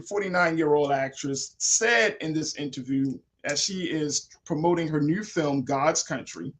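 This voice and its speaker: Bright-voiced high male talk host. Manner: animated, reads quotes aloud with emphasis. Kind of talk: casual news commentary.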